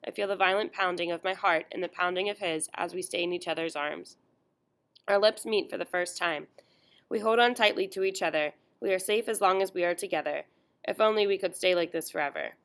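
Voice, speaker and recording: A woman reading a first-person story aloud in a measured, emotional way. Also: mid-range voice. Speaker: audiobook narrator. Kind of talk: first-person audiobook narration.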